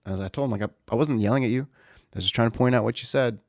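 A man's voice: medium pitch, racing, no echo, clean studio sound. A young man candidly recounting a family conflict in casual speech, often stopping to correct himself. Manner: candid, searching, restarts often. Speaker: storyteller. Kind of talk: casual personal storytelling.

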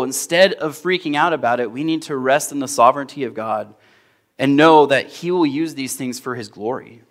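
With a voice on the high side, a young adult pastor preaches in a chatty, narrative way, livening up as he tells anecdotes.

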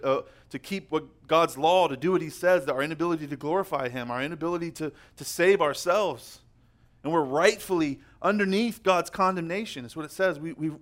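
A young man preaching a sermon as pastor, emphatic and slowing down to stress key words. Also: on the high side, a bit bright.

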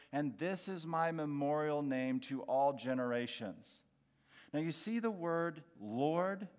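A man preaching a sermon, emphatic, slowing down and lifting his voice on key phrases. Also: fairly high pitch. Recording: reverberant hall.

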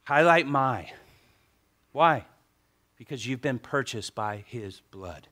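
A man preaching a sermon as pastor, animated and joking with the congregation. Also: mid-range voice, unhurried.

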